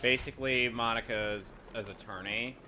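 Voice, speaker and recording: A man hosting a game playthrough, chatting in a rambling, excitable way that keeps restarting its sentences. his voice sits in an ordinary middle register, with clear background noise. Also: medium pitch, normal speed. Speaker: let's play host. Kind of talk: casual gameplay chat.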